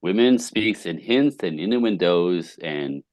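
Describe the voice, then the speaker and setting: A man's voice: low voice, lively intonation, slow, darkish tone, no room sound. A middle-aged man, a podcast guest, telling relationship stories with emphasis and acting out the dialogue. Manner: emphatic storyteller, acts out dialogue, laughs often. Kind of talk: animated conversational interview.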